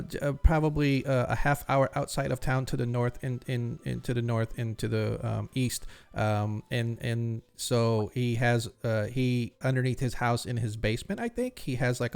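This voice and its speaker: A man's voice: mid-range voice, moderate pace, creaky, few pauses, a little mellow, clean tone, natural voice. A man voicing a nervous, stammering middle-aged male jeweler who is worried about a missing friend.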